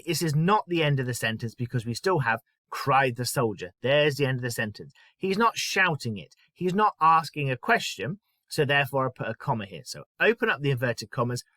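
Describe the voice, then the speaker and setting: A man teaching a primary school lesson in a clear, patient way. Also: medium pitch, no echo. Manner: clear, patient explaining with lively emphasis. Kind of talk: recorded lesson.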